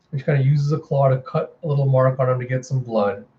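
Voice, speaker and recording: A mellow-voiced man walks through a comic book aloud, retelling the story in an animated way. He fills his speech with lots of casual filler words, and the home recording sounds a little dull. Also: mid-range voice, fast talker. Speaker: comic reviewer.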